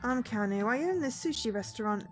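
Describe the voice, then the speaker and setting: A woman voicing a short-tempered sushi restaurant owner in a game, scolding and sharp. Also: a little high, lively intonation, brisk, faint music behind, close to an everyday voice.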